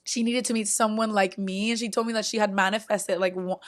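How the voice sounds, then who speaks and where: A young woman vlogging, casually telling a story with many "like"s and sudden loud bursts of disbelief. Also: mid-range voice, steady tone, fairly quick. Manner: frequent filler "like" and restarts, chatty.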